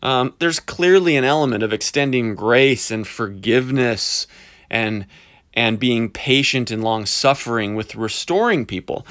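A man delivering a sarcastic, animated ranting commentary, stretching words for emphasis and mocking with hyperbole. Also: a little high. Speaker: podcast commentator.

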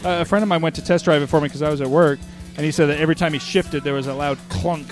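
A male podcast host with a slightly higher voice, chatting casually and joking with his guests. He swears freely and laughs often, with faint music underneath. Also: fairly even intonation, fast. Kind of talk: casual chat.

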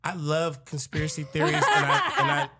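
A middle-aged man chatting casually as a podcast guest, laid-back and rambling, often dropping his voice low. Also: huge pitch swings, normal speed, heavy background noise. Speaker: guest rapper. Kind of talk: casual chat.

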